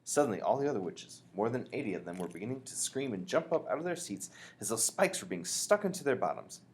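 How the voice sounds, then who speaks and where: A man reading a children's book aloud, expressively, pausing to explain. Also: medium pitch, big pitch swings, a little mellow. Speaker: reader.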